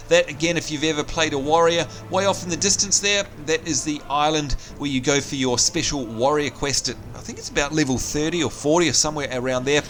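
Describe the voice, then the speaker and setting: A young man talks over his gameplay at home, chatty and easily excited. His pitch sits in an ordinary middle range, and faint game music plays underneath. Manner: chatty, enthusiastic, narrating what is on screen. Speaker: gameplay commentator. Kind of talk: let's play commentary.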